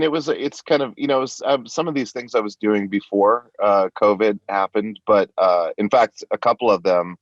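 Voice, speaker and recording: A man's voice: on the low side, no echo, lo-fi sound. A man guesting on a podcast, chatting casually and playfully, laughing often and sliding in and out of put-on accents. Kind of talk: casual interview chat.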